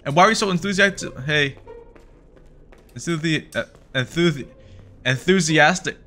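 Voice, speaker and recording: A man giving excitable let's play commentary on a horror game, swinging between mutters and yelps. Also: a little high, moderate pace, faint music behind. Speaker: gaming YouTuber.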